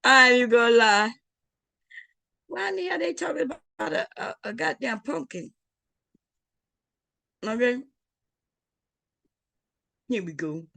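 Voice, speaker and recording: Loud joking woman chatting to her stream. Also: on the high side, expressive, a little slow, gravelly, pauses often, dry recording. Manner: loud, joking, swears freely, talks straight to the chat. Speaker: livestream host. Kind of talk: casual livestream chat.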